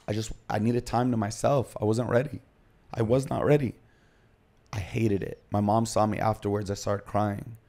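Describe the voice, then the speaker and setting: A man sits in as a podcast guest and tells his own story in clipped, confessional bursts. His voice sits low, with little rise and fall in pitch. His tone is dark and mellow. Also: little pitch movement, moderate pace, gravelly. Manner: confessional, retelling events in short present-tense bursts.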